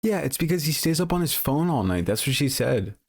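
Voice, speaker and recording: A man's voice: fairly high pitch, sing-song, brisk. A man livestreaming casual commentary, rambling with lots of fillers and self-corrections, blunt and profane.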